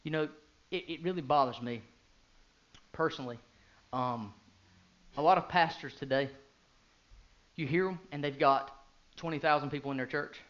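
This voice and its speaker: Preaching at a moderate pace and pausing often, a pastor in his thirties rises from low, quiet talk into loud, fervent moments. He keeps asking the congregation rhetorical questions over lo-fi audio.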